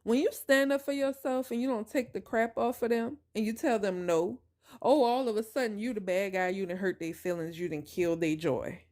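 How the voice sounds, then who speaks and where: A woman hosting a podcast, telling a personal story in an emphatic, animated way and talking straight to her listeners. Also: medium pitch, normal speed. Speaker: podcast host.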